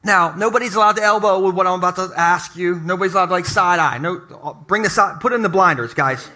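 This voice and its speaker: High, bright and pushed, the man's voice moves quickly as he preaches. He's a middle-aged pastor in church, joking conversationally and addressing the congregation directly.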